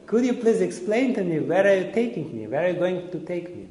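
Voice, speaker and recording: A man voicing a calm, patient old male hermit who speaks politely, in an echoey hall. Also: high-pitched, a little fast, voice pushed up. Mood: curious.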